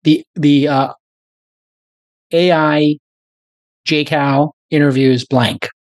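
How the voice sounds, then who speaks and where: Animated middle-aged male podcast host. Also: fairly high pitch, drawn-out words, dry recording. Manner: animated, riffing, filler-heavy. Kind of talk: casual chat.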